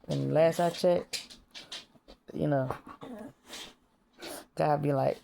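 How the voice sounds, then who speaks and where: A woman delivers a casual spiritual monologue in a low, gravelly, mellow voice. She speaks slowly and bluntly, swears freely, and sometimes drops to a whisper. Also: slight background noise. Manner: blunt, profane, laughs at her own jokes. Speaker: vlogger.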